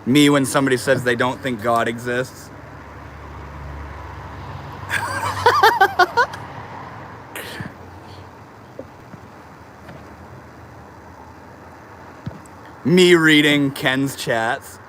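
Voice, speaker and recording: A man's voice: medium pitch, steady tone, measured pace, hardly any pauses, fairly bright tone, a little hiss or hum. A man casually chatting on a livestream, reading viewer comments aloud and answering them in a laid-back, slangy way.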